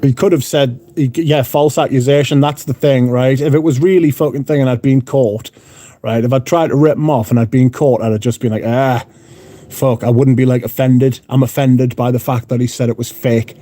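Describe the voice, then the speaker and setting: A man's voice: medium pitch, fairly even intonation, brisk, mellow. A man hosting a livestream, chatting casually, reading out viewer comments, and swearing bluntly. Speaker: livestream host. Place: room at home.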